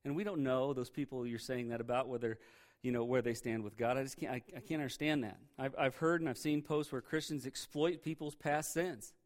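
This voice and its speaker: A man's voice: mid-range voice, fairly quick. A man preaching a candid, conversational sermon, often repeating words as he presses a point. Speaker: pastor.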